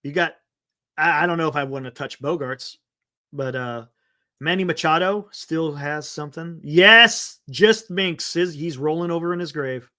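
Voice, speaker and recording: Chatty bright-voiced man hosting a sports stream. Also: fairly high pitch, moderate pace. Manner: loose and chatty, laughs often, many fillers. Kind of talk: casual live-stream chat reading viewer comments.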